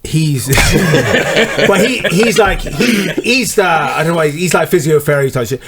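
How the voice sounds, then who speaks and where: A man's voice: a little high, expressive, a little slow, a bit bright, breathy edge. A man, co-hosting a podcast, chatting animatedly with lots of "like" and casual swearing. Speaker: podcast co-host. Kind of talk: casual chat.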